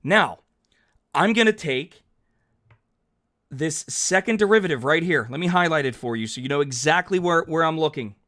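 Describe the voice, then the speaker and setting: A fairly high, bright, forceful voice with lively intonation carries this whiteboard calculus lesson at normal speed, broken by long pauses. The math teacher is upbeat and talkative, thinking out loud and revising himself as he writes every step.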